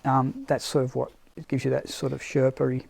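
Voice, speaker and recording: Male live-stream presenter, raspy edge, easygoing and a bit halting, unscripted product walk-through. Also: medium pitch, level tone, darkish tone. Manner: unscripted, searching for words as he shows items.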